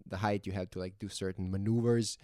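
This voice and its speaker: A young man from Serbia with a Serbian accent, telling a story casually, animated and swearing freely. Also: sits low, fairly quick, dry recording, clean studio sound. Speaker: vlogger.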